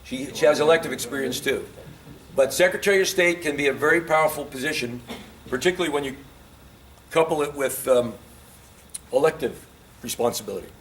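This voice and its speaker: A man's voice: mid-range voice, brisk, fairly bright tone. Man lecturing on history, quizzing the room. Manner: quizzes the audience with questions, gets impassioned. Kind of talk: informal history lecture to a live audience.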